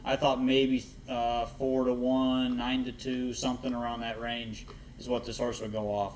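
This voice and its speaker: A man's voice: medium pitch, flat delivery, normal speed, a little mellow, a little hiss or hum. A man co-hosting a live harness racing stream, talking through odds and picks. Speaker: co-host and handicapper. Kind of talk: casual betting talk.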